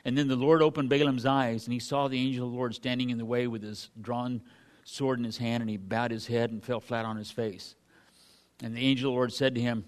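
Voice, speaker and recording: A man's voice: mid-range voice, a little fast. Folksy male preacher, casual sermon. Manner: folksy, conversational, with animated asides. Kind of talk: casual sermon with scripture reading.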